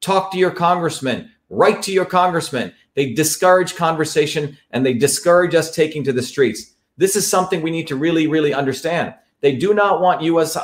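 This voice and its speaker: Emphatic man from India, rallying. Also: fairly high pitch. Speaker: host. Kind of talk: political monologue.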